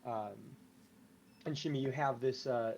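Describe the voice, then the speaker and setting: A man's voice: mid-range voice, measured pace, a little mellow, highs cut off, a little hiss or hum. A man narrating as game master, rambling and filling his talk with "like" and "um". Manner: rambling, full of "like" and "um".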